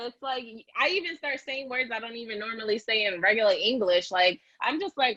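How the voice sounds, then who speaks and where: Woman, bright voice, animated and playful, laughs a lot, casual interview chat, dull lo-fi audio. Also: a little high, brisk. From Connecticut. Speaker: podcast host, guest here.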